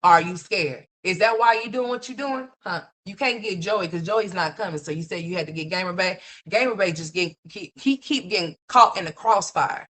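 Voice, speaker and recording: A woman's voice: lowish voice, normal speed, few pauses, fairly bright tone. A woman hosting a livestream, ranting in a blunt, mocking, profane gossip commentary full of rhetorical questions.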